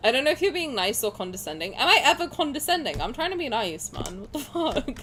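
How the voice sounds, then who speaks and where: A young woman streamer with a fairly high voice chats casually over a game, excitable and quick to swear. Her throat sounds sore. A faint hiss sits in the background. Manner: chatty, excitable, swears, squeals at subscribers.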